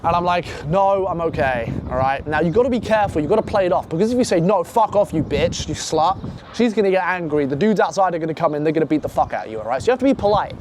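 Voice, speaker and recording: A man's voice: a little high, very fast, background noise. Man telling a wild story outdoors. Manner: animated, profane, acts out quoted voices. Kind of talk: casual spoken storytelling.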